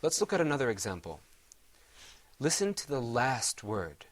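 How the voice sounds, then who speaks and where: A man's voice: mid-range voice, big pitch swings, moderate pace. A middle-aged man teaching Quran recitation in a televised lesson, patiently explaining step by step and chanting Arabic examples.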